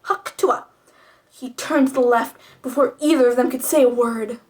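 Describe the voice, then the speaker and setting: A woman's voice: fairly high pitch, steady tone, a little fast, darkish tone. A young woman reading old fanfiction aloud with profane, snarky commentary. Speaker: video creator reading fanfiction.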